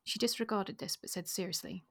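A woman co-hosting a podcast, discussing a novel and reading passages aloud in a measured way. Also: mid-range voice. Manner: reads passages in a measured, even way. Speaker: podcast co-host. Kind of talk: casual book chat with reading aloud.

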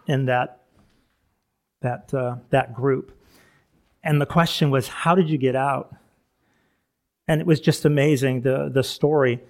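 A man's voice: a little high, darkish tone. A middle-aged male pastor giving a chatty sermon, full of asides, laughing at himself and restarting sentences.

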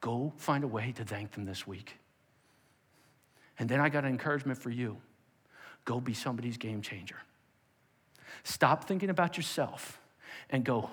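A man preaching a sermon as pastor, moving from emphatic exhortation to hushed prayer. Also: mid-range voice, lively intonation, normal speed, long pauses, slightly rough. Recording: long hall reverb.

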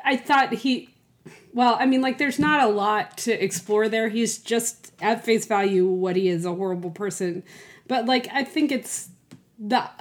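Female co-host, casual film talk, hesitant, thinks aloud mid-sentence. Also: a little high. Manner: hesitant, many fillers and restarts, thinking aloud.

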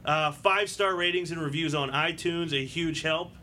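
Bright-voiced chatty male podcast host. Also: fairly high pitch, moderate pace, a little hiss or hum. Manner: chatty, laughs often. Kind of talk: casual wrestling podcast chat.

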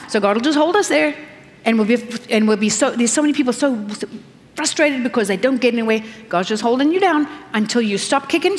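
Animated woman preaching in a reverberant hall. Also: fairly high pitch. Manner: animated, acts out quoted voices. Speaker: pastor. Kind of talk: sermon.

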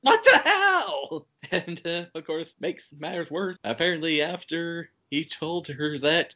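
Bright-voiced podcast host recapping a movie. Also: mid-range voice, steady tone, a little slow. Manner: chatty, laughs while retelling scenes. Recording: dull, lo-fi podcast audio.

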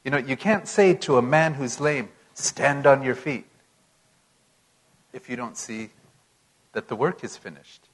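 A man preaching a sermon in an unhurried, emphatic way, his volume swinging from loud to soft. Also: mid-range voice, low-quality recording.

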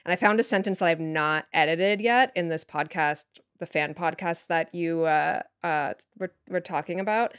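A woman writer chatting as a podcast guest, thinking out loud with lots of fillers and restarts. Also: lowish voice, normal speed, hardly any pauses, smooth, dry recording, studio quality. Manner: rambling, filler-heavy, thinks aloud. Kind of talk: casual interview chat.

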